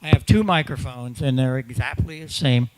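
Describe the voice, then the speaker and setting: Background noise accompanies this man's mid-range voice as he talks at a moderate pace. As a ham radio symposium presenter in a conference room, he gives an emphatic talk to ham operators, repeating words for emphasis and imitating other hams.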